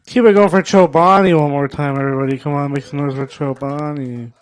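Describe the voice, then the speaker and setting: A male stand-up comic performs a set on stage, his voice sitting a little high for a man. He talks loud and profane, egging the audience on between jokes. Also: steady tone, a little fast. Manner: loud, profane, crowd-work banter. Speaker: stand-up comedian. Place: comedy show stage.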